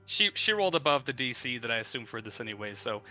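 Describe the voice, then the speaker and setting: A man's voice: medium pitch, big pitch swings, fast talker, bright, forceful tone, faint music behind. A man narrating as game master of a tabletop game in a casual, filler-heavy way.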